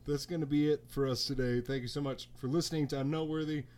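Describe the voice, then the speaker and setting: A man's voice: fairly high pitch, fairly even intonation, fast talker, darkish tone. A man hosting a podcast, cracking dry jokes in casual banter. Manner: joking, dry wisecracks. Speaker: podcast host.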